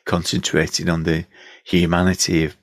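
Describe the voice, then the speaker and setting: Male podcast co-host, very low voice, dry close sound, casual film talk. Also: flat delivery, normal speed, dry recording. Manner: reads review excerpts aloud, thoughtful.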